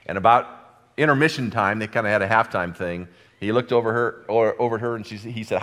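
A male pastor preaching a sermon in a church, fervent and swinging from loud exclamations to hushed asides. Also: fairly low pitch, fast talker. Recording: long hall reverb.

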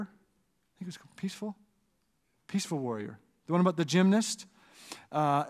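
In a church sanctuary with reverberant acoustics, a high-voiced male pastor gives a sermon. His preaching is conversational and animated, with asides to the congregation.

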